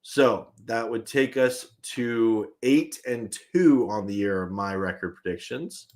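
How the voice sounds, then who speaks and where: A young man with a medium-pitched voice hosts a live fan stream, chatting casually at a slightly slow pace. He reads viewer comments aloud, chuckles often, and keeps restarting his sentences.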